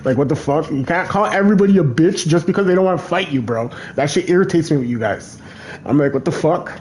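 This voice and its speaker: A man's voice: fairly high pitch, fast talker, darkish tone. A man streaming casually, rambling through stories with lots of swearing and repeated phrases. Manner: rambling storytelling, heavy swearing, repeats himself. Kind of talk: casual chat over a game.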